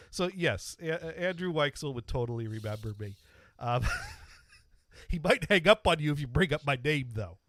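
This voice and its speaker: A man in the host's chair spins a rambling, self-mocking story, tripping over his words and circling back to restart. His voice sits at an ordinary middle pitch. The sound is close and dry, with hardly any room. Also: fairly bright tone, dry recording. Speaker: podcast host. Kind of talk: casual storytelling.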